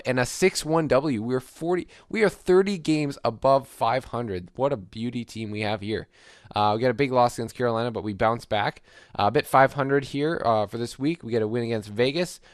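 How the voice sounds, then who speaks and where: A man's voice: mid-range voice, dry recording, clean studio sound. A young man casually commenting as he plays a hockey franchise mode, rambling with lots of fillers and upbeat asides. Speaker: gaming YouTuber.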